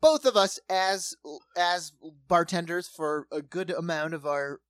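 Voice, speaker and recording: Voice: medium pitch, unhurried, clean tone, dry recording, clean studio sound. A middle-aged podcast co-host who adds profane, wisecracking jokes in casual banter. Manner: wisecracking, profane, jokey asides.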